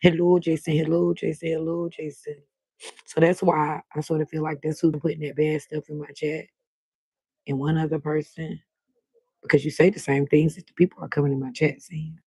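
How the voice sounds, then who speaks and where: Gravelly, husky woman chatting late at night. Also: deep voice, moderate pace, no room sound. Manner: loud, animated, cusses freely. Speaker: livestream host. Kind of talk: late-night livestream chat. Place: balcony outdoors at night.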